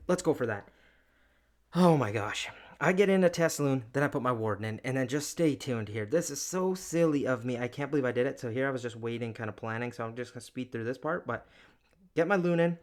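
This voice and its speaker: A man giving chatty, excitable commentary over his own strategy game replay, poking fun at his own mistakes. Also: mid-range voice, fast talker. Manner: excitable, chatty, self-mocking. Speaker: gaming YouTuber.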